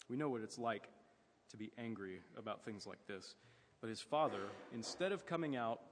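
A man's voice: medium pitch, long reverb tail. A man preaching a sermon in a conversational way, asking his listeners questions.

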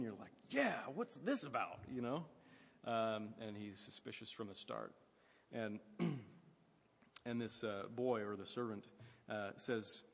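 A man's voice: medium pitch, in a large hall. A man preaching a sermon in a conversational way, asking his listeners questions.

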